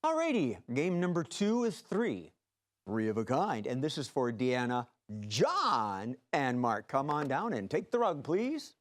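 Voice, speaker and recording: A man's voice: medium pitch, wildly swooping pitch, a little slow. A man hosting a live improv comedy show, calling for audience suggestions in a playful, jokey way. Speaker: improv game host.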